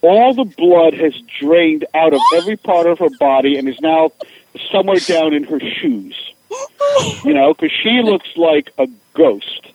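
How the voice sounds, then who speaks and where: Middle-aged male guest, animated raconteur, slightly high voice, lo-fi radio audio. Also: measured pace, noisy background. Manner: animated, acts out voices in anecdotes. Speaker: guest, author. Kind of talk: casual storytelling.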